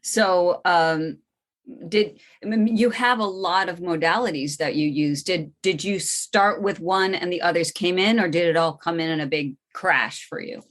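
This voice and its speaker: Low-voiced woman hosting an interview. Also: normal speed. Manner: brief encouraging responses, curious questions. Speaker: podcast host.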